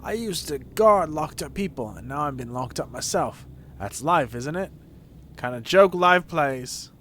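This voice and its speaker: A man's voice: fairly high pitch, lively intonation, a little slow, a bit bright, voice pushed down. A worn-out security guard from a video game, sardonic and full of self-pity as he muses on his lot, as a man reads him aloud. His voice has a faint hiss under it. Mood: weary. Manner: sardonic, musing, self-pitying. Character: weary, wry locked-up male security guard. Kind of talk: reading game dialogue aloud.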